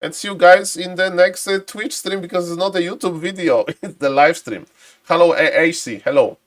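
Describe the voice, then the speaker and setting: At an ordinary speaking speed, a male streamer narrates a live strategy game match. Excitable and talkative, he welcomes viewers by name and occasionally bursts into high shouts.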